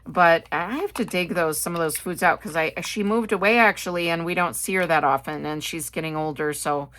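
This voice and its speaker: Middle-aged Midwestern woman, slightly low voice, casual rambling vlog host. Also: fairly quick, fairly bright tone. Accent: Midwestern American. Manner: chatty, rambling, with frequent fillers and asides. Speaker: haul video host. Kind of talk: casual chat.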